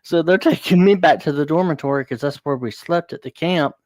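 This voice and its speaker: A man's voice: fairly high pitch, a little fast, a little mellow, no room sound, clean studio sound. A man hosting a casual chat, telling a long personal story in a rambling, blunt way with fillers and swearing.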